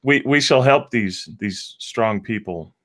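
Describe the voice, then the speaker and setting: A man's voice: fairly low pitch, slow, a bit bright. A man voicing a pompous, greedy noble adventurer who speaks in a grand, flourishing way. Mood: ingratiating.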